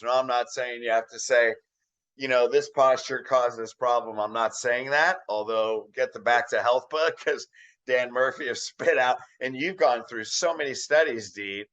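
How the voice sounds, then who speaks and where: A man's voice: medium pitch, a bit bright, muffled recording. A man who practiced as a chiropractor, co-hosting a podcast and earnestly urging other chiropractors in casual chat.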